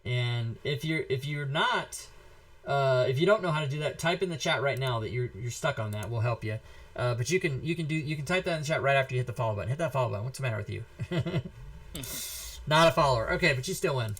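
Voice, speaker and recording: A man in his forties hosting a casual talk show, telling stories in an animated, profane way. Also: medium pitch, brisk. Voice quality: animated, profane, shouts when reenacting. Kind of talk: casual storytelling and giveaway.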